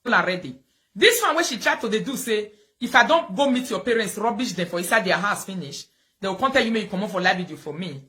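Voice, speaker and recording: An outspoken woman with a Nigerian accent talks freely to her viewers in a casual live stream. Her voice sits at a middle pitch with a bright, forceful edge, and she slips easily into pidgin. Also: animated, quick pace. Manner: outspoken, talkative. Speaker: live video host.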